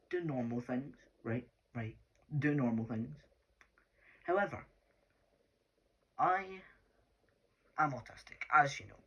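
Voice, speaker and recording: A man's voice: mid-range voice, fairly bright tone, husky. A Scottish man talking casually to his viewers in a rambling, chatty way, full of fillers. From Scotland. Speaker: YouTuber. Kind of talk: casual vlog talk.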